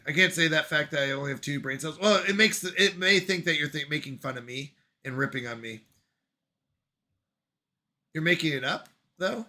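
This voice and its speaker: Male streamer host, high and piercingly bright, playful, laughing banter with chat. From Canada. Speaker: livestream host reading chat. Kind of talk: casual live-stream chat. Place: at home on a couch.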